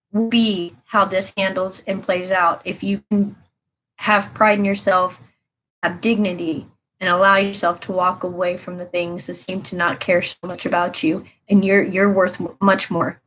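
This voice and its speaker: Woman tarot reader, chatty, earnest, repeats points for emphasis, mid-pitched everyday voice. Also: a little hiss or hum, poor audio. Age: adult with children. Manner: earnest, rambling and repetitive, with emphatic advice. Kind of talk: casual spoken tarot reading to viewers.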